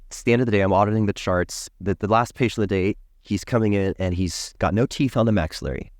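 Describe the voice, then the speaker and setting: A man who works as a dental hygienist, a podcast guest telling an animated story and acting out the people in it. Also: fairly low pitch, fast, dry recording, clean studio sound. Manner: emphatic, acts out the people in his stories.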